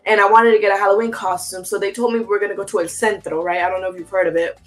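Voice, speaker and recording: A woman's voice: mid-range voice, soft background music, low-quality recording. A young woman, an interview guest, telling a story in casual chat with slang and acted-out quotes. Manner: animated, fast slangy storytelling with reenacted quotes.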